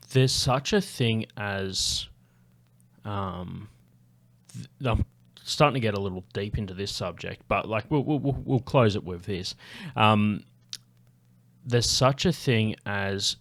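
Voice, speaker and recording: Rambling man with a low voice. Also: a bit bright. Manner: rambling, many fillers and restarts, swears freely. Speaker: podcast guest. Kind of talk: casual podcast chat.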